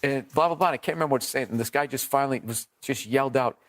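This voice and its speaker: Profane, animated man telling stories. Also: mid-range voice, racing. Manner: profane, animated storyteller, laughs at his own stories. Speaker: comedian guest. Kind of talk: storytelling in casual podcast chat.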